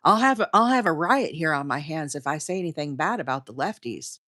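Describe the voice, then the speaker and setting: Her voice sits low yet moves with lively intonation and a sharp edge as she talks fairly quickly. She's a middle-aged Southern woman from Alabama, casually chatting and rambling to her livestream audience while crocheting. The audio is dry and studio clean.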